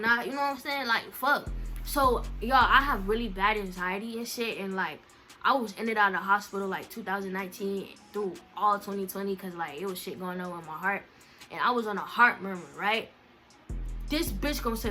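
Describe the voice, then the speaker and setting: Young woman, storytime vlogger, bright, sharp tone, animated and profane, faint music behind. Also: medium pitch, normal speed. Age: young adult. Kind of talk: casual storytime monologue.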